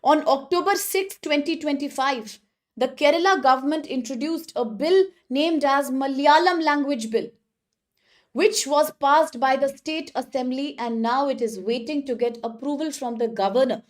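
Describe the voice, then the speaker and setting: A woman giving a live online exam-prep lecture, brisk and encouraging as she praises students by name. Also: high voice.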